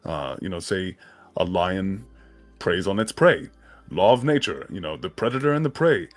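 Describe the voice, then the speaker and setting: A man's voice: sits low, lively intonation, normal speed, faint music behind. A man chatting casually on a livestream, musing in a rambling, thoughtful way about a book's ideas. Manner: rambling, thoughtful, often laughing. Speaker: co-host discussing a book. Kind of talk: casual livestream chat and commentary.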